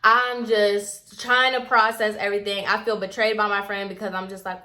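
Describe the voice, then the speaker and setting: A young woman recounts a personal story to her viewers in a casual, expressive vlog. Her voice is bright and forward, set at an everyday middle pitch for a woman. She keeps filling her sentences with "like". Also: normal speed, few pauses. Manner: chatty and expressive, heavy use of filler "like". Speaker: storytime vlogger.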